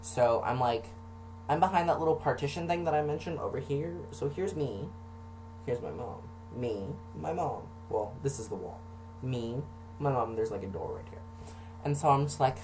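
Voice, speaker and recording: A man casually telling a personal story for a vlog, sarcastic and animated, acting out the voices of the people in it. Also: mid-range voice, normal speed, a little hiss or hum.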